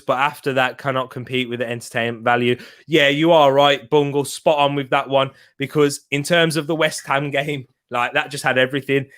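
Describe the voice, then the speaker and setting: A man's voice: medium pitch, fairly bright tone. A young man hosting a live football watch-along, chatting casually and answering viewers' comments by name.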